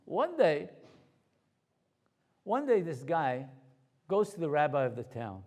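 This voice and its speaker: A man, a rabbi, giving a storytelling Torah lecture to a live audience in a conversational, animated way. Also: on the high side, slow pace.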